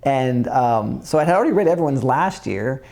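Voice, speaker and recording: A middle-aged man hosting a podcast, telling stories in a lively, casual way. He slips into quick impressions of the people in his anecdotes and swears freely. His voice sits at an ordinary middle pitch. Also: vocal fry. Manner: animated, acts out quoted voices, swears freely. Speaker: podcast host. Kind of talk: casual storytelling chat.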